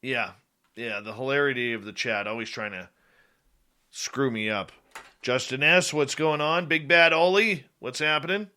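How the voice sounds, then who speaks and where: Male radio host, bright forceful tone, chatty and casual. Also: medium pitch, moderate pace. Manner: chatty, reads out chat names. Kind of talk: casual talk radio chat.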